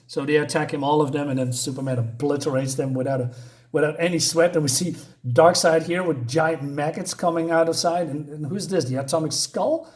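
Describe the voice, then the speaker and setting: A man's voice: on the high side, a little fast, a little mellow. Rambling man with a voice. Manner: rambling, many fillers, chuckles while summarizing. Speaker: comic book reviewer. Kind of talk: casual comic review vlog.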